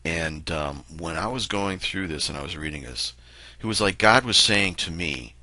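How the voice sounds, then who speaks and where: A man reading a Bible passage aloud and then giving an earnest, reflective devotional talk with slow pauses. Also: deep voice, expressive, bright, forceful tone, no room sound. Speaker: lay preacher.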